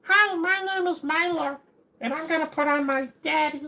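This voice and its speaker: A man voicing a cheeky, flirty little female pet in a squeaky voice. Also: moderate pace, bright, forceful tone, a little hiss or hum, heavily acted.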